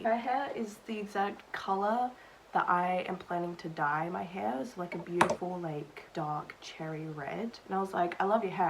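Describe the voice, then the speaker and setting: A woman's voice: fairly low pitch, creaky, slight background noise, poor audio. A young woman vlogger chatting casually while doing her makeup, rambling through awkward work stories with lots of "like" and self-deprecating asides. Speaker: beauty vlogger.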